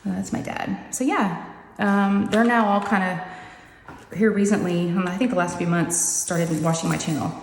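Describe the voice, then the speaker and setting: A crafting-channel host chats casually and meanders as she talks to her viewers, peppering in "y'all." She speaks at medium pitch with fairly even intonation and a moderate pace. She's in her upstairs craft room with the door closed, and the recording has long, echoey reverb and faint noise.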